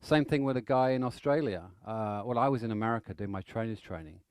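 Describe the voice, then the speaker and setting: A man runs a training seminar, telling anecdotes and acting out the people in them. His voice sits at an ordinary middle pitch. The sound is dry, with no room echo. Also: fast, clean tone. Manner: animated, acts out stories with shouts and laughter. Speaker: NLP trainer. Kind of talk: live seminar storytelling.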